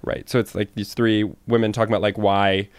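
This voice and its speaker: A man co-hosting a comedy podcast, talking casually and enthusiastically, full of "like" and quick restarts. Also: lowish voice, little pitch movement, smooth, dry recording. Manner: chatty, full of "like" and restarts, gets emphatic. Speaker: podcast co-host.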